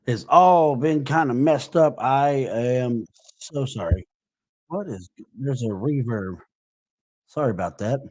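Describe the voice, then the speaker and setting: Hoarse sports podcast host, husky voice. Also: male voice, medium pitch, darkish tone, no room sound. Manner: rambling, greeting live chat viewers by name. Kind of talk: live sports podcast chat.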